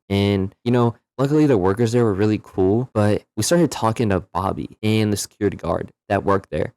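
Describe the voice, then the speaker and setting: A man's voice: on the low side, no room sound. Slangy young man telling a story. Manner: slangy, animated retelling with profanity. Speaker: storyteller vlogger. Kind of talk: casual storytime monologue.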